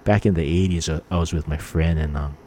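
Extremely low and darkish in tone, the voice of a middle-aged man from Hawaii moves briskly with fairly even intonation. Hosting a podcast, he wanders through stories full of fillers and performs angry lines along the way.

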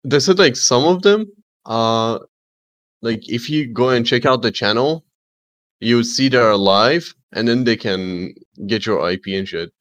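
Man, casual podcast chat, laid-back, mid-pitched. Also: expressive, unhurried, fairly bright tone. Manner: laid-back, says "bro" a lot. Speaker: podcast guest, streamer.

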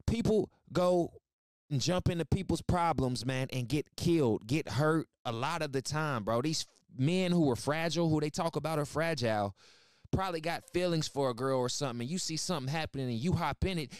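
A man's voice: a little high, dry recording, studio quality. A man giving casual reaction commentary as a podcast host, blunt and profane, talking animatedly with lots of asides.

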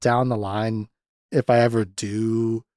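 A man hosting a podcast, chatting loosely about a movie with lots of restarts and animated asides. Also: on the low side, slow, no room sound, clean studio sound. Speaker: podcast host. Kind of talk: casual film discussion.

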